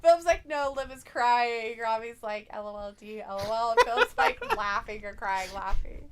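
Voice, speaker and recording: A woman's voice: on the high side, big pitch swings, normal speed, very noisy. A woman around forty co-hosting a casual live stream, giggling, swearing often and reading viewers' chat messages aloud.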